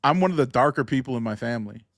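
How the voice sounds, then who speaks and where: A man's voice: mid-range voice, animated, very fast, no echo. Chill guy on a podcast, mid voice, dry close mic, laughs a lot, trails off. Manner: laid-back, laughs often, trails off quietly. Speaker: podcast co-host. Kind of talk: casual chat.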